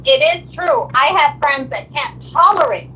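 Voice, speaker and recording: A married woman speaking as a guest in a casual chat, confident and measured. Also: high voice, animated. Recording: distant phone-like line with faint noise.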